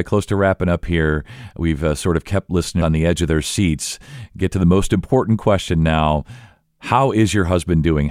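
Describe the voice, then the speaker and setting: Man, podcast host, effusive and enthusiastic, smooth resonant voice, low pitch. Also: no echo, clean studio sound. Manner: effusive, warmly enthusiastic praise. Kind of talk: podcast interview.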